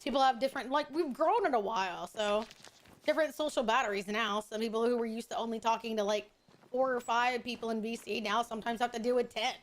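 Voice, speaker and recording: A woman's voice: fairly high pitch, fast talker. A woman streamer chatting casually with her viewers, rambling and thinking aloud. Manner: chatty, rambling, talks to chat. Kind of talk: casual livestream chat.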